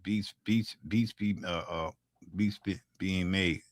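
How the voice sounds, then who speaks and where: Man in his 60s, Philadelphia accent, lowish voice, dry close sound, profane joking livestream chat. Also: steady tone, slow pace, no room sound. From North Philadelphia, USA. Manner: loose, profane, joking street talk with frequent restarts. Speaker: livestream beatmaker host. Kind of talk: casual livestream chat with viewers.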